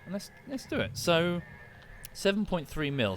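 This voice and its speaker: A man's voice: sits high, big pitch swings, moderate pace, slight background noise. Sweary, rambling British male streamer. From United Kingdom. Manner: rambling, sweary, self-interrupting. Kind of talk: casual gameplay commentary and chat. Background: music.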